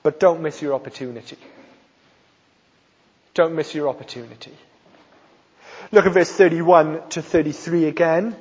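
A man's voice: fairly high pitch, moderate pace, long pauses, darkish tone, breathy edge. A man from South Wales with a Welsh accent, preaching a sermon with emphatic stresses on key phrases. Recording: long hall reverb, dull sound.

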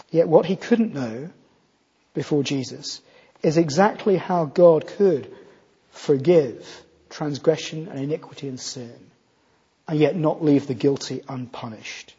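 A man's voice: fairly high pitch, unhurried, long pauses, mellow, breathy edge. A man from Scotland preaching a sermon, earnest and rising to emphatic scripture readings. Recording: muffled, long hall reverb.

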